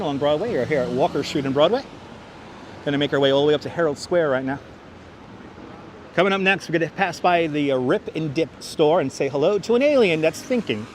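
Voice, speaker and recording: On busy city streets, a chatty man with a voice on the high side hosts a live walking tour, reading chat and greeting viewers by name in quick bursts. He uses a wireless clip-on mic and a phone camera on a gimbal. Faint traffic can be heard behind him.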